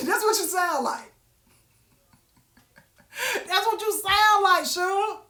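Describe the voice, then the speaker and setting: A woman's voice: very high voice, slow pace, pauses often, sharp tone, reverberant. A woman giving a sassy, preachy motivational talk, calling listeners baby and honey. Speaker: motivational vlogger.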